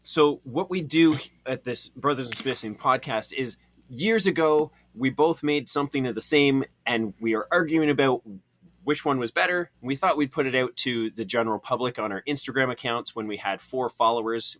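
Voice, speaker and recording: A man co-hosting a podcast as a blacksmith, chatting in a relaxed, rambling, joking way. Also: medium pitch, moderate pace, no echo. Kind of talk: casual chat.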